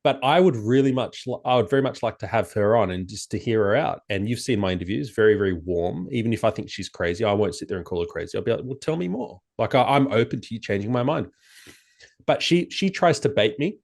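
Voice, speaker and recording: A man speaking as a podcast guest in casual chat, animated and halting, acting out quoted exchanges in a raised voice. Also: lowish voice. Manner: halting, frequent restarts.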